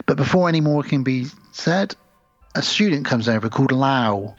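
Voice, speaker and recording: A man's voice: mid-range voice, moderate pace, no echo, lo-fi sound, faint music behind. A man co-hosting a podcast, casually retelling film scenes and acting out the lines. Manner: animated storyteller acting out lines. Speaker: podcast co-host.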